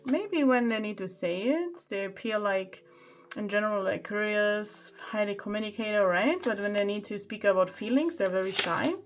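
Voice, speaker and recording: A woman's voice: mid-range voice, background noise. A woman giving a pick-a-card tarot reading, chatting and exclaiming over the cards as she reads them aloud. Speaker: tarot reader.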